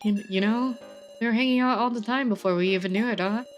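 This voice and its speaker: A woman's voice: a little high, fast, soft background music, close to an everyday voice. A woman voicing a young male best friend in a game, casual and teasing. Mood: fond.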